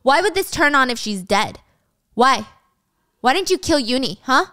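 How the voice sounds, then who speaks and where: Woman doing a furious young male killer, shouting threats, high strained voice, smooth tone. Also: very animated, moderate pace, full character voice. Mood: accusing.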